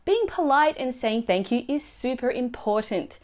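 A woman teaching a language lesson, explaining phrases and their pronunciation clearly and slowly. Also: fairly high pitch, expressive, a little mellow. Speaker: Italian teacher.

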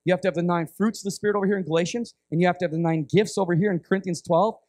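Man preaching, high voice, dry close sound, animated rambling storyteller, from the united states. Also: very fast, no room sound. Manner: animated, rambling, self-interrupting. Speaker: guest preacher. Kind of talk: sermon storytelling.

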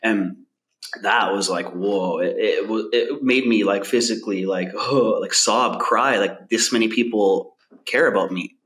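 A man's voice: on the low side, measured pace, fairly bright tone. A young man from Canada telling his story as a podcast guest in a loose, casual way, full of filler words.

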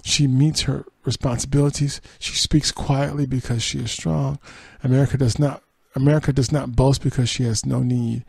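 A podcast host reads entertainment headlines and quotes in a dark, gravelly, mid-range voice, then tosses in dry, sarcastic asides and laughs. The audio is close and dry, with no echo or sense of a room.

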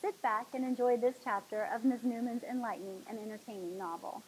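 A woman hosting a talk show, reading a novel aloud in a dramatic, expressive way. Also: a little high, brisk, a little hiss or hum, low-quality recording.

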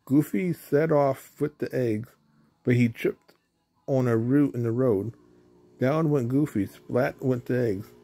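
Man, storybook reader, creaky, dark mellow tone, steady reading. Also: mid-range voice, takes it slowly, no echo. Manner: steady reading with small slips. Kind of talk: reading a children's book aloud.

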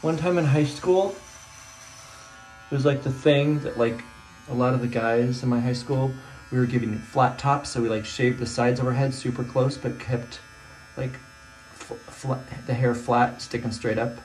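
A man's voice: medium pitch, fairly even intonation, moderate pace, darkish tone, slight background noise. Nervous rambling man in a bathtub. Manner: nervous, rambling, exclaiming to himself. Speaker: teacher. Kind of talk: casual phone vlog. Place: small bathroom, sitting in a bathtub. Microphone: phone propped nearby.

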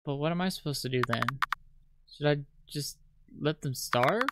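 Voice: mid-range voice, very noisy, close to an everyday voice. A streamer voicing a lonely, hesitant child. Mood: anxious. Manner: halting, hesitant, repeats words. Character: lonely nonbinary child caring for a dark house. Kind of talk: reading game dialogue aloud. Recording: loud piano music behind.

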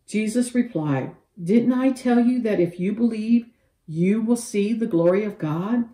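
A woman leads a children's Bible lesson in a mellow, warm voice, acting out each character as she tells the story. The room gives her voice a noticeable echo. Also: medium pitch, measured pace. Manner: animated storyteller with expressive quoted voices.

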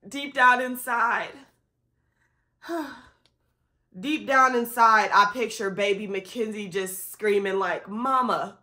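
Young adult woman, bright voice, candid vlog, teary and tired, talks straight to viewers. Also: on the high side. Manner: candid and expressive, addresses viewers directly as y'all. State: tearful and tired. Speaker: vlogger. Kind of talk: emotional personal vlog talk.

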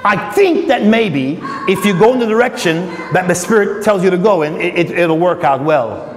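A man's voice: high voice, animated, moderate pace. A male pastor leading a conversational Bible study, joking with and teasing members of his congregation by name. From Australia. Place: church hall. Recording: echoey church hall.

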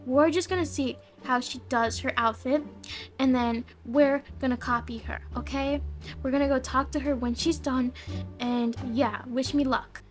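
A woman talks viewers through a game role-play, chatty and soft. Her voice sits high, with gentle music faintly behind her. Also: steady tone, moderate pace. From Australia.

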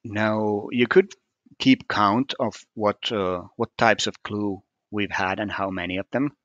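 A man's voice: lowish voice, fairly even intonation, unhurried, fairly bright tone, no room sound, dull audio. A man walking through a puzzle solution step by step, hesitant and methodical, with frequent fillers. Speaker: puzzle solver explaining solutions. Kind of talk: screen-recorded puzzle walkthrough.

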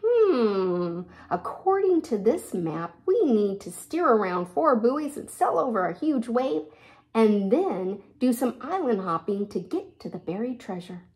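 A woman's voice: on the high side, big pitch swings, a little slow, darkish tone. A woman voicing a careful young girl in a children's storybook, explaining in a thoughtful way.

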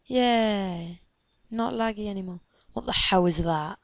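A woman giving let's play commentary, excitable and gasping, chattering at game characters and dropping into hushed whispers. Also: medium pitch, unhurried, no echo. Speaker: gamer.

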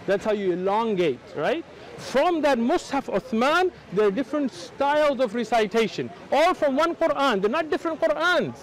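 An American man arguing religion out on a city street, his voice very high and swinging up and down as he presses his points. He keeps interrupting and talks over the other man, explaining at length in an insistent tone. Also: moderate pace, low-quality recording. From United States. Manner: insistent, interrupting, explaining with rising animated pitch. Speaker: Muslim street preacher. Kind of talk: heated street debate.

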